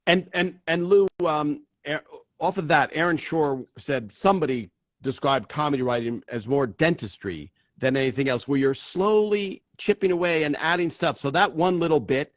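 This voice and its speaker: A man's voice: fairly high pitch, moderate pace, no room sound. Chatty host guy, rambles off on tangents, dry close mic. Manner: chatty, digressive, laughs often. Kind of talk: casual interview chat.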